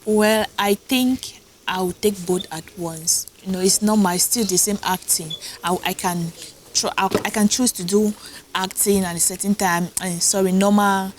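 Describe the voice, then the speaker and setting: Woman actress-producer, mid-pitched, animated storyteller in a casual interview. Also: normal speed, a little hiss or hum, rough recording. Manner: animated storytelling, often laughing.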